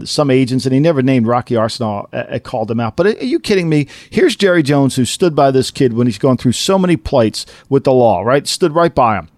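A man co-hosts a casual sports talk show in an animated, fired-up way, his pitch leaping when he's incredulous. His voice sits slightly high. The sound is dry and close, with no room around it. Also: no room sound. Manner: animated, rising to incredulous highs. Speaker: podcast co-host.

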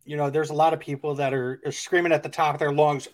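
A man's voice: fairly high pitch, level tone, quick pace, few pauses. A man hosting a sports podcast, chatting casually and asking questions with lots of fillers and restarts. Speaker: podcast host.

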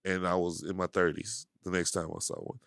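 A man's voice: low-pitched, level tone, fairly quick, gravelly, a bit bright, no echo, clean studio sound. A middle-aged man hosting a casual podcast chat, asking questions and cursing bluntly. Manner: blunt, curses, asks questions. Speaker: podcast host.

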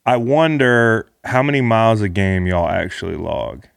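A man's voice: on the low side, lively intonation, creaky, no room sound. Playful man asking questions, dry sound. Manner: playful, laughing, quick questions. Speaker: interviewer, former player. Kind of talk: casual interview chat.

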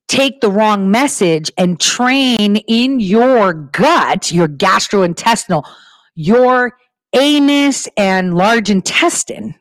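A woman hosting her own talk show, speaking quickly and animatedly and laughing as she talks. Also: medium pitch, no room sound, rough recording. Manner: fast, animated, laughing while talking. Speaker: show host. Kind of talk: casual talk-show monologue.

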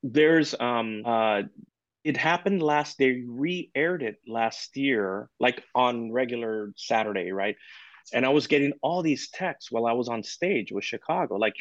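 A man's voice: mid-range voice, unhurried, no room sound. A man chats as a podcast guest, telling one story after another in a casual, swearing way, leaning on "you know". His voice sits in an ordinary middle range. The recording sounds dull and lo-fi, very dry. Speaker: guest percussionist.

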